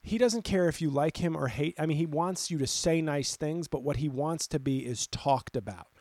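With a fairly high pitch, normal speed, and no room sound, this comedian runs a ranting, casual solo segment on his own podcast. Sarcasm and plenty of swearing mark his animated delivery, and he fires back at critics.

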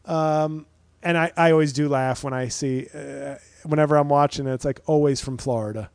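Male comic, 30s, solo podcast host; slightly high voice, dry close sound, rambling and profane. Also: fairly even intonation, normal speed, gravelly, no room sound. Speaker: podcast host and stand-up comedian. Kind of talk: casual solo podcast monologue.

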